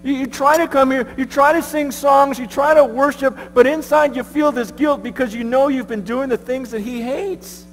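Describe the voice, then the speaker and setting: High-voiced impassioned male preacher. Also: fairly even intonation, normal speed, few pauses. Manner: impassioned preaching that swings from hushed pleading to shouting. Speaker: conference speaker, preacher. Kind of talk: sermon. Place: large conference hall. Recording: echoey hall with mains hum.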